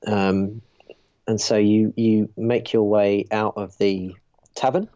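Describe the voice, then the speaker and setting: Hesitant game master, muffled sound. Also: male voice, fairly low pitch, flat delivery, takes it slowly, warm tone. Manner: hesitant, lots of ums. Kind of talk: narrating a tabletop game.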